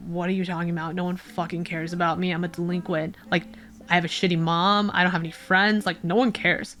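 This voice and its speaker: A woman's voice: fairly low pitch, fairly even intonation, fairly quick, pushed and bright. Sullen teenage delinquent boy, swears freely, casually read by a woman. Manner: sneering, swearing. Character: surly teenage delinquent boy, dismissive and crude.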